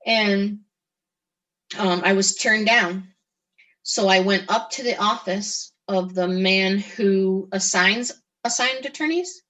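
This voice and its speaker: A middle-aged woman telling her own story as an interview guest, halting, with frequent restarts and pauses. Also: mid-range voice, a bit bright, low-quality recording. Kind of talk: personal testimony in conversation.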